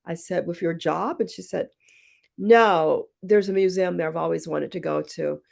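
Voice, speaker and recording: A woman's voice: fairly low pitch, moderate pace, gravelly, a little mellow. A woman guest on a podcast, reflective and thoughtful, telling personal stories and acting out the quoted dialogue in them. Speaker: podcast guest, poet and retreat founder. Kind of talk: reflective conversational storytelling.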